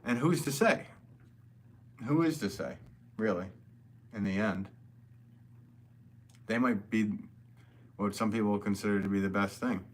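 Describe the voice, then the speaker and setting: Guy doing a chill rambly livestream, reads the chat out, lowish voice. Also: a little slow, pauses often. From American Northeast. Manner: rambling, loose, reads viewer comments aloud. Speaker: potter hosting a livestream.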